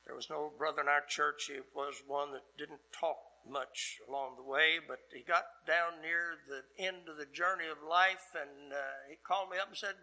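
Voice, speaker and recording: An older male pastor delivers a sermon in a very bright, slightly high voice. He speaks earnestly, with deliberate pauses between his phrases. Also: steady tone, low-quality recording.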